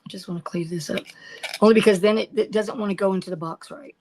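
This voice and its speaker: A woman's voice: medium pitch, fairly even intonation, fast, darkish tone, a little hiss or hum, rough recording. Chatty older woman crafting live. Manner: chatty, rambling, talks to chat viewers by name. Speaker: craft livestream host. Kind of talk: casual chat while crafting. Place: home craft room.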